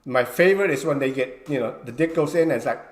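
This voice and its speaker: A wrestling coach tells a story in casual livestream chat, swearing freely and acting out shouted lines. He speaks fast at a medium pitch, and the sound is roomy.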